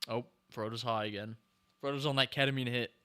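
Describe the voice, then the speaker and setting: Excitable young man reacting to a film. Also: medium pitch, a little fast, smooth. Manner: excitable, exclaims and talks back to the screen. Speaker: podcast host. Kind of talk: casual movie reaction commentary.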